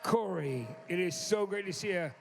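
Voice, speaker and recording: High-voiced, eager male host in a reverberant hall. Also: gravelly, slight background noise. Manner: halting, filler-heavy, eager. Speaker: show host. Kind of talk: introducing a guest on stage. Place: live concert stage.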